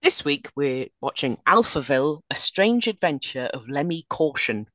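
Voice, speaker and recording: A woman co-hosting a casual film podcast, dry and understated as she introduces the film. Her voice sits low for a woman. The sound is close and dry. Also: very animated, moderate pace, a bit bright, no room sound. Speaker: podcast co-host.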